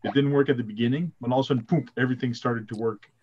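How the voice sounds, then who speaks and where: A man's voice: medium pitch, fairly even intonation, very fast, background noise. Chatty male host with a muffled sound. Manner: chatty storytelling with frequent "uh" fillers. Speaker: host of a live chat show. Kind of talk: casual chat.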